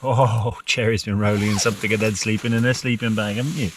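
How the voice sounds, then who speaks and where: A man's voice: fairly low pitch, fairly even intonation, quick pace. A man camping in a tent in a forest, chatting casually to the camera and talking to his dog in a fond, sing-song voice. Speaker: vlogger. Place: inside a small tent in a forest. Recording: distant mic with clear background noise. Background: rain and outdoor noise.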